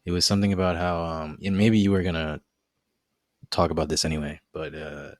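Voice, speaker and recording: This is a man co-hosting a casual podcast. His voice is extremely deep, and the sound is dry and close with no room around it. He speaks in a measured, thoughtful way. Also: steady tone, no echo. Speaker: podcast co-host.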